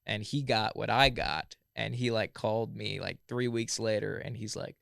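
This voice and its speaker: A man in his thirties with a heavily gravelly, fry-laden voice spins loose stories as a podcast guest, peppering everything with "like." The sound is close and dry, with no room around it. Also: on the low side, moderate pace, fairly bright tone, no room sound. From Southern California. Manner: laid-back, full of "like" and "yeah, yeah, yeah". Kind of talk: casual storytelling chat.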